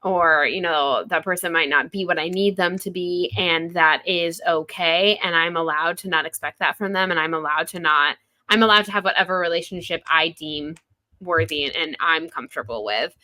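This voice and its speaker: Bright-voiced woman podcast co-host. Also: lowish voice, normal speed, dry recording. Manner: reflective, lots of "like" fillers. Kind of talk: casual book-club chat.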